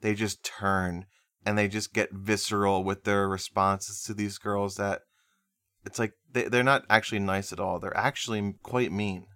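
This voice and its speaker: Nasal guy on a music podcast, kinda low voice, rambly and laughy. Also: level tone, normal speed, a bit bright, dry recording, studio quality. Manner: laughs easily, rambling asides. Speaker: podcast co-host. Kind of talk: casual podcast chat.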